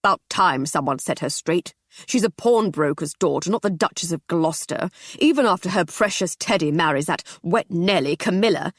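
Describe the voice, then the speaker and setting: A sour middle-aged man, as a woman narrator plays him grumbles with scorn. Husky and low, read dry and close. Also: lively intonation, moderate pace, no room sound. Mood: grumbling.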